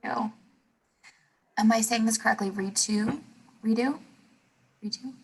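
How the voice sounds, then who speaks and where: A woman's voice: fairly high pitch, fairly even intonation, measured pace, slightly rough, low-quality recording. A woman hosting a group video call, welcoming people in a joking, easygoing way. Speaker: meeting host.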